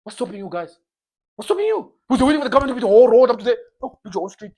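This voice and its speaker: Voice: mid-range voice, big pitch swings, very fast, a little mellow, husky. A preacher giving an informal sermon in an emphatic, repetitive style, often acting out short comic exchanges. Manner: emphatic, repetitive, uses comic role-play.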